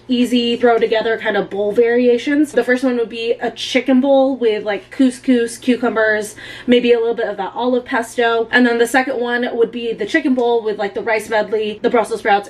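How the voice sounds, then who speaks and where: A woman's voice: fairly high pitch, a little hiss or hum. Chatty young woman vlogging. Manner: chatty, many "like" fillers. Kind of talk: casual vlog storytelling.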